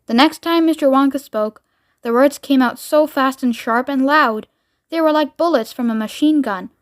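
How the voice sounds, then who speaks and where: A woman narrating a children's book aloud with expressive storytelling. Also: sits high, normal speed. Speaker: book reader.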